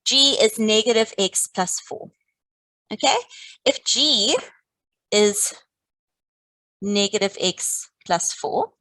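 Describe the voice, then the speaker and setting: Calm maths teacher, woman. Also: mid-range voice, dry recording, poor audio. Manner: encouraging, calm, talks students through steps. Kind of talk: live online maths lesson.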